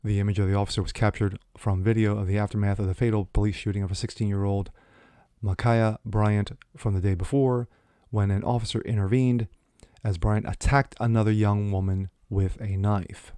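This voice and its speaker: A man's voice: lowish voice, flat delivery, fairly quick, dark tone, clean tone, dry recording. A man hosting an opinion commentary, reading news quotes aloud and breaking in with sarcastic, mocking asides. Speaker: commentary channel host.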